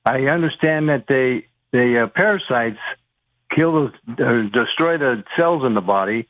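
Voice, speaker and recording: A man's voice: mid-range voice, animated, a little slow, no room sound. Polite male caller on a phone line. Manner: polite, hesitant with fillers. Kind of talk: radio call-in question.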